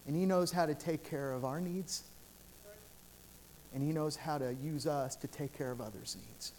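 Earnest male pastor preaching, slightly high. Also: normal speed, a little mellow, slight background noise. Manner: earnest, repetitive storytelling with restarts. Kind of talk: sermon. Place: church sanctuary.

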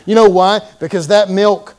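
A man preaching a sermon in a church, telling the story with animated delivery and acting out the voices of its people. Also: high-pitched, moderate pace. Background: congregation calling out responses.

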